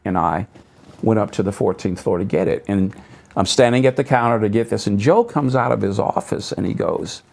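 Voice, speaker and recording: Speaking at a moderate pace in a gravelly voice, a middle-aged pastor recounts stories as a talk show guest in a local public access TV studio. His telling is animated, voicing others' remarks with sharp upward pitch jumps and falling low on asides.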